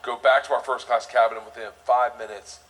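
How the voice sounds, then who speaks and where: A male stand-up comedian telling a wild story on stage, loud and rowdy, laughing as he talks. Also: medium pitch, fairly even intonation, a little fast, low-quality recording.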